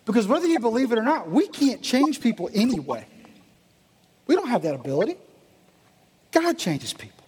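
A male pastor giving an animated sermon, acting out the voices of his listeners. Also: high voice, fairly quick, slightly rough. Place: church meeting in a gym. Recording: echoey hall.

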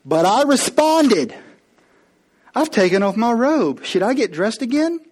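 A preacher man with a high voice tells the story with playful humor. He slips into the characters as he goes and speaks right to the congregation. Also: very animated, unhurried, darkish tone. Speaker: pastor. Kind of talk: comedic sermon storytelling.

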